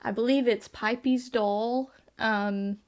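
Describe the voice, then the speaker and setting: A woman's voice: on the high side, steady tone, slow pace, darkish tone. A woman co-hosting a fan podcast in casual chat, rambling and often hedging about what she is unsure of. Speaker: podcast co-host.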